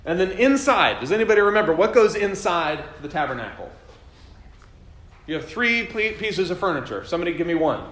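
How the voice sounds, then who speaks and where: A man's voice: sits high, very animated, fairly quick, fairly bright tone. A man leading a classroom Bible lesson, chatty and quizzing his students with self-deprecating jokes. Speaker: Bible study teacher. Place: classroom with a group. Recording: echoey room.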